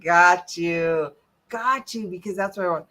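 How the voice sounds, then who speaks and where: A woman holistic health coach gives an animated, emphatic motivational talk in a lowish voice at a slightly slow pace, swinging between loud and soft.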